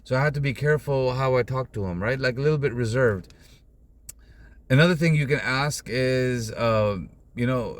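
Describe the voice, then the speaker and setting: A man's voice: mid-range voice, normal speed. A man, a rideshare driver talking casually and at length to his viewers from inside his car. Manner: chatty and rambling, addressing viewers directly. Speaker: rideshare driver and channel host. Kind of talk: casual vlog talk to camera.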